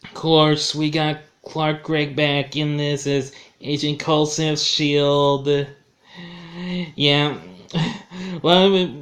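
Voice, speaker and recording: A man's voice: fairly high pitch, fairly bright tone. A man giving a casual film review, rambling and correcting himself as he goes. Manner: rambling, self-correcting, chuckles at his own slips.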